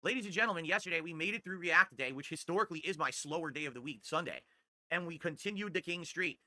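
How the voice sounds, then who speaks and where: This streamer's pitch runs on the high side, and he talks fast with a sharp tone; there's no room sound. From his home, he delivers a casual podcast-style livestream monologue into a desktop condenser mic, ranting in a brash, boastful manner.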